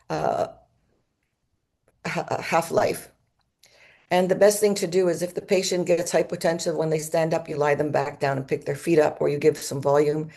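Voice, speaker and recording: A woman speaking at a medical conference, her voice low and mellow with a gravelly edge. She explains step by step in a steady lecturing manner and sometimes demonstrates symptoms with her own voice. She speaks into a microphone in an auditorium.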